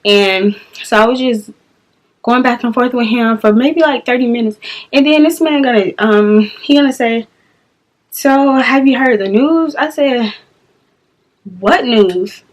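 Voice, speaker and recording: A young woman tells a storytime vlog. She talks bluntly and with exasperation and acts out each line of dialogue. Her delivery stays animated throughout. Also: on the high side, measured pace. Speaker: vlogger.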